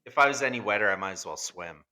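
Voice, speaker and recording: A man's voice: lowish voice, lively intonation, quick pace, pushed and bright. A man hosting a casual fishing podcast, joking and asking easygoing, rambling questions. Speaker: podcast host. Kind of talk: casual interview chat.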